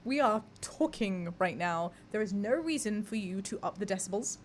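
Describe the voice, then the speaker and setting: A young woman hosts a live podcast, chatting candidly with her audience, reading their messages aloud, and swearing casually. Her medium-pitched voice has lively intonation at a normal speed, with a little hiss or hum in the background.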